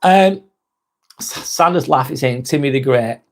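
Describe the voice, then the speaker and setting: A man's voice: mid-range voice, unhurried. A man hosting a casual live vlog, reading viewer comments aloud and chatting back to them.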